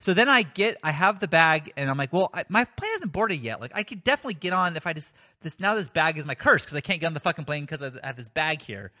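A man's voice: a little high, quick pace. A man co-hosting a podcast, telling a story casually with lots of swearing and self-mockery. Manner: profane, self-mocking, animated. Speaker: podcast co-host.

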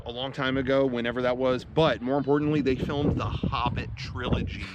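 A man's voice: mid-range voice, fairly even intonation, a little fast, dull audio. Rambling man on an outdoor podcast. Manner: loose, rambling, crude banter. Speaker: podcast co-host. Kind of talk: casual joking chat. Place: outdoors on a hilltop. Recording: outdoor mic with clear background noise.

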